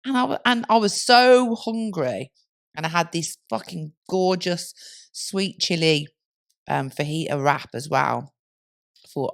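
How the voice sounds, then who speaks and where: A woman's voice: fairly low pitch, moderate pace, creaky. Giggly woman telling a story. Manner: giggly, swearing, animated storytelling. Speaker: podcast co-host. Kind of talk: casual storytelling chat.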